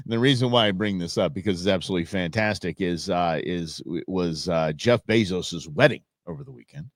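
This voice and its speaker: A man's voice: low-pitched, moderate pace, no room sound, studio quality. A man hosting a live political commentary stream, reacting to clips with sarcastic, mocking asides and frequent laughter.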